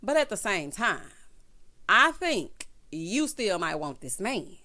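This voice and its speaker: A woman's voice: medium pitch, sing-song, takes it slowly, bright, forceful tone. A woman vlogger giving a casual, sassy recap commentary, calling people "honey" and "child".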